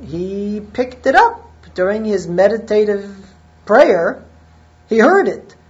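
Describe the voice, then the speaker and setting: A woman's voice: mid-range voice, big pitch swings, takes it slowly, a little mellow, lo-fi sound. A woman giving a religious text lesson. She reads each phrase aloud, then translates and explains it. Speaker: Torah teacher.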